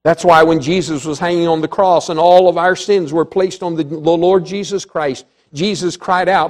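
A man preaching in church, his voice a touch higher than most men's. He delivers the sermon emphatically, climbing to loud declarations and then falling to soft, hushed lines. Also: fairly even intonation, moderate pace, hardly any pauses. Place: church before a congregation.

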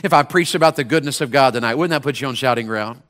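A middle-aged pastor preaching a sermon, calling out to the congregation and swinging between hushed tones and shouted peaks. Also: male voice, medium pitch, fast.

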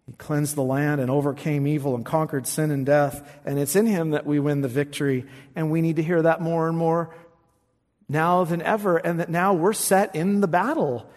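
A man preaching a sermon, reading scripture with emphasis and rising high on the quoted verses. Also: steady tone, moderate pace, darkish tone. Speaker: pastor. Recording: long reverb of a large hall.

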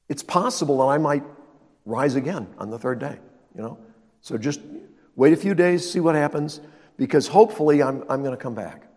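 A man's voice: a little mellow, in a large hall. A male pastor voicing a hesitant, hedging teacher who stammers and qualifies everything. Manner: halting, stammering, high and tentative.

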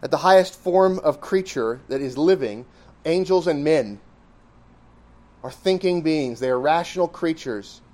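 Male preacher, somewhat higher voice, emphatic teaching sermon delivery. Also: expressive, unhurried, darkish tone. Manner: emphatic, reasoning step by step.

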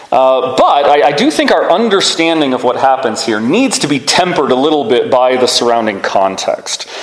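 A man preaching a sermon, teaching earnestly and often restarting his sentences. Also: medium pitch. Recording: echoey hall with long reverb.

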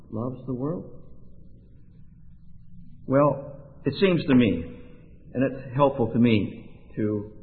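A man preaches a sermon, unhurried and emphatic, leaning into pauses. His voice has a thin, narrow-band tone, as if heard over a phone line. It rings with a long reverb, like a big church hall. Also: on the low side. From Oregon, USA.

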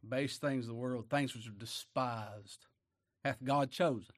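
In an unhurried folksy sermon, a man asks rhetorical questions. He moves back and forth between loud pronouncements and quiet, low asides.

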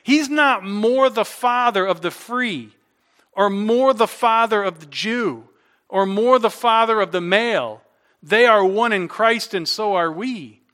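A man's voice: high-pitched, measured pace, sharp tone. A man preaching a sermon in a conversational way, asking rhetorical questions to the congregation. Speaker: pastor.

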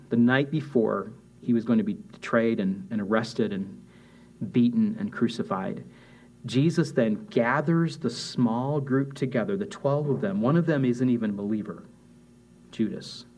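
A man's voice: medium pitch, unhurried, a little mellow. A man preaching as pastor, in a conversational sermon style, acting out quotes with restarts and asides.

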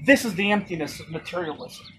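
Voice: medium pitch, huge pitch swings, fast talker, fairly bright tone, slight background noise, rough recording. A preacher delivering a sermon, emphatic and fond of rhetorical questions.

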